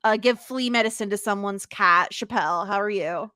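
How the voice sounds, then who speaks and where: A woman hosting a casual podcast chat, giggly and animated as she tells the story. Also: mid-range voice, moderate pace, no room sound, clean studio sound. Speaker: podcast host.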